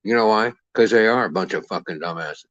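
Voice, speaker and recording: A man's voice: on the low side, a little fast, fairly bright tone, no room sound. A man delivering a heated, profane boxing rant as the channel's commentator. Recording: dull lo-fi dry sound.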